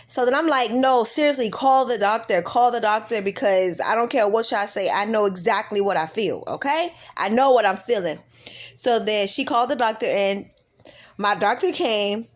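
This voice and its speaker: A woman's voice: a little high, moderate pace. A woman in her thirties casually telling a birth story to her viewers, acting out the voices of the people in it. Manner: animated retelling, acting out her own pleas. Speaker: vlogger.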